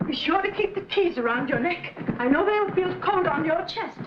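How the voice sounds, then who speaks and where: A fussy flustered spinster. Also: female voice, very high voice, expressive, moderate pace, dull audio. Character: fussy, anxious spinster friend, bossy. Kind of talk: 1940s film acting. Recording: echoey, noisy old film soundtrack.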